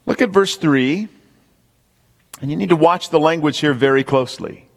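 A man's voice: fairly high pitch, normal speed. A man preaching a sermon, emphatic, repeating key points and speaking straight to the congregation. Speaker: pastor. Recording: long hall reverb.

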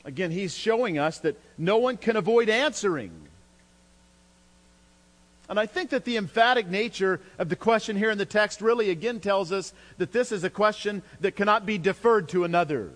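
A fairly high-voiced male pastor delivers an emphatic sermon, lifting his pitch and volume to press his points. The sound rings with a long hall reverb, and a faint mains hum runs underneath. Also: normal speed, fairly bright tone.

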